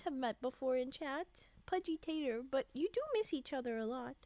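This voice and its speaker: A woman's voice: high-pitched, animated, moderate pace, hardly any pauses, darkish tone. A young woman streaming a casual storytime, playful and giggly as she chats with viewers and reads folktales. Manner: giggly and playful, chatting with viewers between readings.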